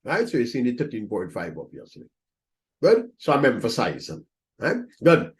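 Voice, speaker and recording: A man with a mid-range voice whose pitch swoops wildly talks at normal speed through a screen-recorded accounting lecture. Step by step he explains the entries, going over points again and punctuating with "right?".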